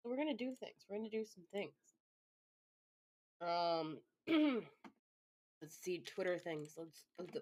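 A woman's voice: lowish voice, lively intonation, unhurried, pauses often, a little mellow. A woman live streamer chatting casually to herself, rambling with lots of fillers and swearing. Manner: rambling self-talk with frequent swearing and fillers.

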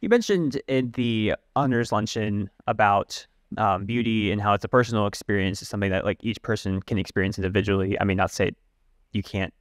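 Young man asking a halting question. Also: fairly low pitch, no room sound, studio quality. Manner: halting, many fillers and "like"s. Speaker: audience questioner.

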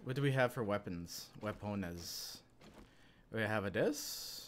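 A young Canadian man live-streams a survival game in a lowish, slow voice, with a little hiss or hum on the audio. He chats casually but gets excitable, yelping and laughing in panic when things go wrong.

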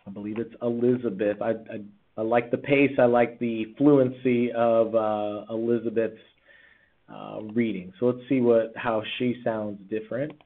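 A man, a teacher, talking casually through a screen-recorded software tutorial with lots of fillers and restarts. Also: mid-range voice, fairly even intonation, unhurried. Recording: tinny, phone-like sound.

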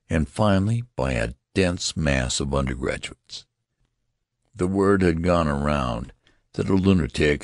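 Very deep-voiced, gravelly male narrator. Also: no room sound, clean studio sound. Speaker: audiobook narrator. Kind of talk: scripted narration.

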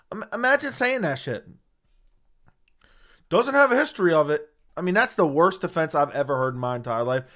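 Into a studio dynamic mic, a man hosting an MMA livestream launches a heated, emphatic, profanity-laced rant. He speaks a little high, with a fairly bright tone.

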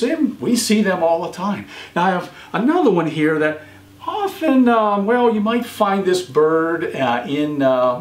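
A man hosting a children's show, quizzing young viewers and praising each answer warmly. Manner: encouraging, praises often, pitch jumps on answers. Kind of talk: quiz for children. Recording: echoey room.

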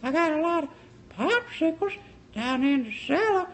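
A man's voice: very high-pitched, very animated, moderate pace, a little hiss or hum, pitched above the performer's own voice, exaggerated voice. A man voicing a creepy old man who murmurs and smacks his lips in a leering way.

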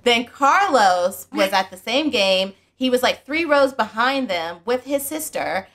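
Middle-aged woman, book vlog host, higher voice, casual animated storyteller. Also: measured pace. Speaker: book channel host and mother. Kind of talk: casual family chat.

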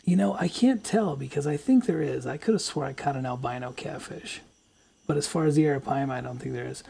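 A man's voice: mid-range voice, brisk, vocal fry, warm tone, slight background noise. A man streaming a fishing game, chatting casually, joking and swearing freely. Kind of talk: casual live-stream chat.

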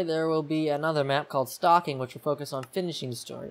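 A man's voice: a little high, moderate pace, pauses often, slight background noise. A young man playing a horror game and giving rambling, self-mocking casual commentary into a desk mic. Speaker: gaming YouTuber.

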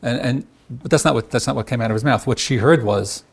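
A middle-aged man leads a marriage workshop as its therapist, with a voice of middling pitch. He keeps putting questions to his listeners and acts out both spouses in his examples. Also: creaky, husky. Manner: asks the audience rhetorical questions and pauses on them. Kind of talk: workshop lecture.

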